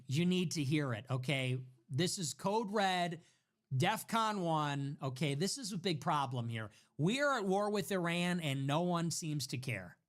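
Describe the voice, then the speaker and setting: Angry commentator ranting, swears a lot, rambly and sarcastic. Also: medium pitch. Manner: rambling with restarts and mocking asides. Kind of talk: ranting monologue.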